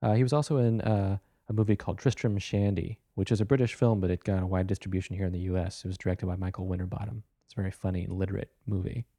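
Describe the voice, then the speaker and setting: Deep, mellow-voiced male host. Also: fast talker, hardly any pauses, dry recording. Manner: relaxed, conversational, with fillers. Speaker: radio film show host. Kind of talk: introducing a guest and film clip.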